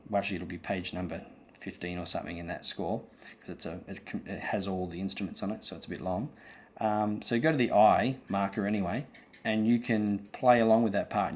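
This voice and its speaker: A man's voice: fairly low pitch, a little mellow. Patient man explaining rhythm on guitar. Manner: patient, explanatory, with frequent ums; counts and sings the beats aloud. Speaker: guitar teacher. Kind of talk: explaining rhythm in an online lesson.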